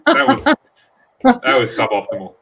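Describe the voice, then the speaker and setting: A man's voice: medium pitch, huge pitch swings, unhurried, creaky, fairly bright tone. A man on a sports panel, easygoing and wry in casual chat.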